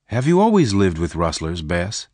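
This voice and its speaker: Brief: young cowboy, steady and protective, low voice with lively lift, read by a storyteller. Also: male voice, moderate pace, no echo, heavily acted. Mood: calm. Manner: calm, plain-spoken, close to the reader's own voice.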